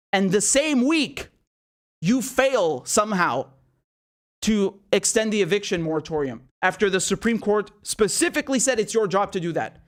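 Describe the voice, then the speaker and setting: A man hosting a political commentary show, ranting in outrage with rapid rhetorical questions and frequent swearing. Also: sits high. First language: not American.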